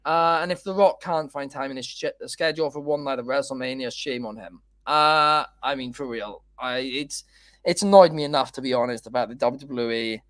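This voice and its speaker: A man hosts a casual chat show and rambles through his opinions with plenty of filler words. His voice sits a little high. The recording is dry and close, with no room sound. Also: a bit bright, no room sound. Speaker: podcast host.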